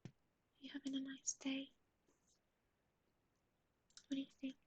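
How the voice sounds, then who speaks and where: A woman hosting a pet livestream in a whispered voice, cooing soft baby talk to her animal while chatting with viewers. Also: sits high, completely flat delivery, slow, a little hiss or hum. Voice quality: breathy whisper. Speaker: livestream host.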